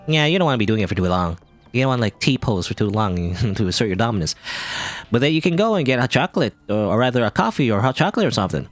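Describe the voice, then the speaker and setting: A man's voice: mid-range voice, sing-song, fast talker, soft background music. A man from Canada casually commenting on a video game he plays, rambling and joking. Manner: chatty, rambling, jokey. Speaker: let's play host.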